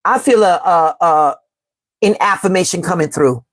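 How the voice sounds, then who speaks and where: A woman's voice: lowish voice, normal speed, dry recording. A woman from Chicago hosting a live-stream tarot reading. She talks emphatically and repeats herself, calls her viewers "baby" and "y'all," and reads from the chat. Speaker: tarot reader and astrology host.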